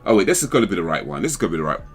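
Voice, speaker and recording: Deep-voiced rambling man. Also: very animated, racing, faint music behind. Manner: rambling, thinks aloud, questions himself. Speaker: livestream host. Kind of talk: casual livestream chat.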